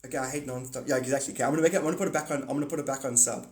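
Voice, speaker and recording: A man's voice: mid-range voice, steady tone, very fast, darkish tone, roomy sound. A man hosting a casual livestream, talking to viewers in a rambling, blunt and profane way. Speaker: livestream host.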